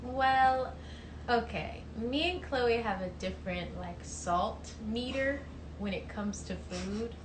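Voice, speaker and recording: A woman's voice: a little high, slow. A young woman from the American South chatting casually and in an easygoing way, often laughing. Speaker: singer on a livestream. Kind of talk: casual chat. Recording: echoey room, audible background noise.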